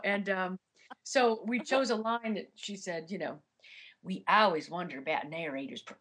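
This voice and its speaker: Low-voiced chatty woman narrator. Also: normal speed, pauses often, a bit bright, slightly rough. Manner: chatty, many fillers and restarts. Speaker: audiobook narrator. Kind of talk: casual interview answers.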